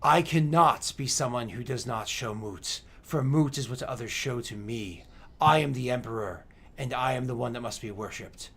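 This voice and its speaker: A man's voice: mid-range voice, normal speed, a bit bright, breathy edge. A man voicing an arrogant male goblin emperor who speaks in haughty, commanding declarations. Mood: indignant.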